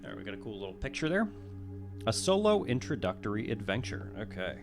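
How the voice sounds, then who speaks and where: A man's voice: fairly low pitch, brisk, music in the background. Laid-back man reading a solo adventure. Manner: relaxed, chatty, drops curse words between read passages. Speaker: streamer. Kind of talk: reading a solo tabletop adventure aloud with casual asides. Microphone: condenser mic.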